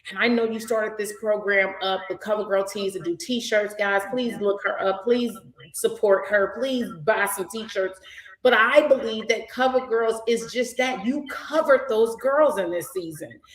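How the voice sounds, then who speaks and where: A woman hosting a casual talk for a nonprofit program, animated and effusive, praising and preaching with a lilt. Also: medium pitch, unhurried, reverberant, poor audio. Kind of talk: casual chat.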